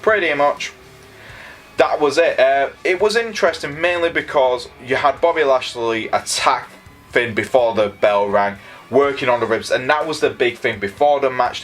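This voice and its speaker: A man's voice: mid-range voice, fairly bright tone. A man giving a casual spoken review, rambling and blunt, with frequent restarts and stumbles. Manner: blunt, opinionated. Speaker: wrestling show reviewer.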